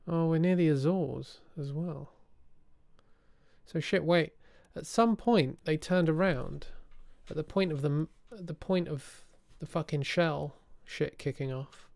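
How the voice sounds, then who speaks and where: A man's voice: on the high side, measured pace, gravelly, a little mellow. A man thinking aloud as he plays a game, muttering his deductions and swearing casually. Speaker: let's play streamer. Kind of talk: thinking-aloud gameplay commentary.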